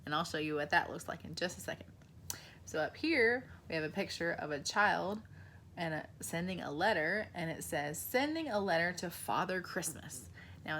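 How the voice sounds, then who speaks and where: Lady teaching little kids, lowish voice, slow and encouraging, bit of faint hiss. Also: sharp tone. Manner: slow, encouraging, asks children questions. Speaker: preschool teacher. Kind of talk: children's lesson.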